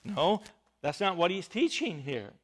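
A high-voiced man delivers a Bible teaching sermon at a slow, deliberate pace. His pitch swings widely as he leans hard on key words. His delivery is emphatic throughout. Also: very animated, husky. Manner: emphatic, rising and falling with stress on key words. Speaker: preacher.

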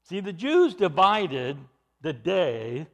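A man preaching an expository sermon, emphatic, with his voice rising into loud bursts. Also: high-pitched, sing-song, takes it slowly.

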